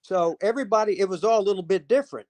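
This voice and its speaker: Older ex-wrestler guest, slightly high voice, rambling, laughing, salty. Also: male voice, racing, darkish tone. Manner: rambling, laughs often, swears. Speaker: former pro wrestler, guest. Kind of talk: casual storytelling chat.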